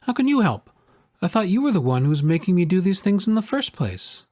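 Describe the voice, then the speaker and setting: A man voicing an upset little boy who is quick to anger, raising his husky voice high and childlike. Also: sing-song. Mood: indignant. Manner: high and childlike, shouting when angry.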